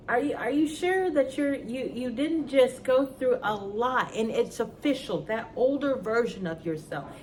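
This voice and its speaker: At home indoors, a woman vlogger speaks earnestly and emotionally to her viewers about faith. Her mid-range voice sounds far from the mic, with slight background noise.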